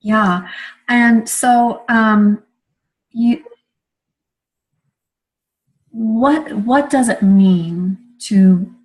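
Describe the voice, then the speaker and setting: Slow, halting woman interviewer. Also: on the high side, a little mellow, poor audio. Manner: halting, searching for words. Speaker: interviewer host. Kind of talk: interview questions.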